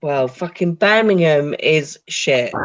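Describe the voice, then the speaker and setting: A woman's voice: low voice, expressive, slow pace, dull audio. A British woman co-hosting a stream, laughing and swearing as she tells school stories. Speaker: streamer, co-host. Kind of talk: casual chat.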